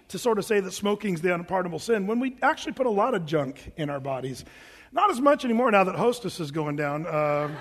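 A man in his forties, a pastor telling stories in a joking, conversational, self-mocking sermon. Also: sits high. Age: 40s. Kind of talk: humorous storytelling sermon. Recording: echoey hall reverb.

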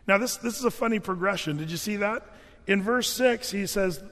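A man's voice: high-pitched, brisk, a bit bright, long reverb tail. A man giving a conversational, earnest sermon as a pastor, with frequent fillers and restarts.

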